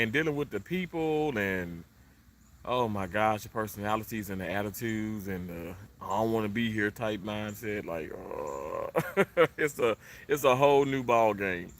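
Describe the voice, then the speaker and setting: A man with a fairly low, fairly bright voice livestreams from indoors in his condo. He chats loosely with viewers, rambling and using lots of fillers.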